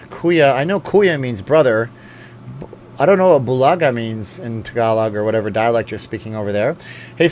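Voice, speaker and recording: A man's voice: mid-range voice, darkish tone, a little hiss or hum. A man hosting a casual live chat, reading viewer comments aloud and rambling at home. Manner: chatty, rambling, talks straight to viewers. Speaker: live-stream host. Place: at home with a dog at his feet.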